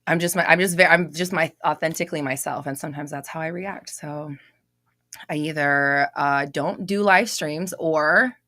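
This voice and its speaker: Woman, young adult, live stream host, casual chat, energetic, swears casually, lowish voice, dry sound. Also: normal speed, no echo. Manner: loud, expressive, laughs often, swears casually.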